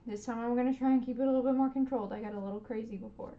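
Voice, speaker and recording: A woman streaming a live painting lesson, gently encouraging viewers and making playful sound effects as she paints. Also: a little high, steady tone, very fast, narrow, tinny audio.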